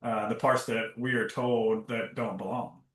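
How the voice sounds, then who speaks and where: A man's voice: on the low side, steady tone, unhurried. A man hosting a podcast interview, reflective and searching as he speaks, with many fillers. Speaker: podcast host and somatic coach. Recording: echoey room.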